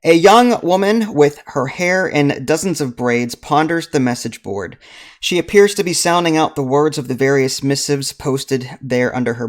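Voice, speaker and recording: A man hosting a board game playthrough, reading the story text aloud and joking around. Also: medium pitch. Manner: jokey, laughs at his own jokes. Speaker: game master and channel host.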